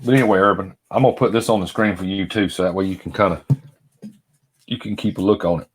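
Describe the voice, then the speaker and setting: Casting: middle-aged man, low voice, folksy rambling vlog chat, addresses viewers by name. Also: fairly even intonation, fast talker, slightly rough. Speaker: vlogger. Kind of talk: casual chat while unboxing.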